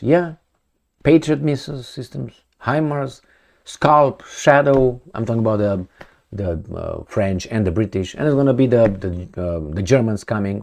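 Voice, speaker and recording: Sarcastic, animated male commentator. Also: mid-range voice, creaky. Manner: animated, sarcastic, mouths sound effects. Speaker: political commentator.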